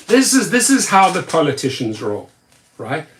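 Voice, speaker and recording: A tired man with a high, bright voice rants on a vlog, angry and sarcastic, and keeps repeating his words. He sits back from the mic in an echoey room. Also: lively intonation, a little slow, recorded from a distance, a little hiss or hum. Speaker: rideshare driver and video host. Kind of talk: ranting vlog commentary.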